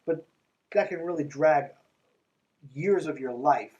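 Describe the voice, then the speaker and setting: A man's voice: on the high side, slow pace, darkish tone, distant mic, muffled recording. A man hosting a podcast, reading a book aloud and breaking off into sarcastic, exasperated commentary. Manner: sarcastic, exasperated asides between read passages. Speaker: podcast host.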